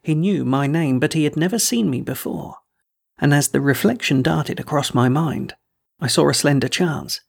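Man reading an audiobook, measured, bit high voice, gravelly. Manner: measured, first-person storytelling. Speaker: narrator. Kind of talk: audiobook narration.

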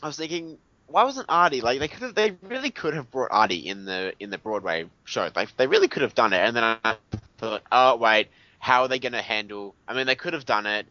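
A man's voice: medium pitch, sing-song, quick pace, hardly any pauses, pushed and bright, no echo. A man with an Australian accent co-hosting a podcast in casual chat, eager and stammering over repeated words. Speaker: podcast co-host. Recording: dry, dull lo-fi recording.

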